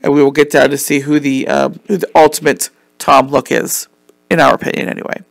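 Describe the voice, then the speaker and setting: A man's voice: a little high, level tone, a little fast, gravelly, no room sound. A man hosting a casual solo podcast, rambling and chatty with lots of ums and some swearing, while losing his voice. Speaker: podcast host.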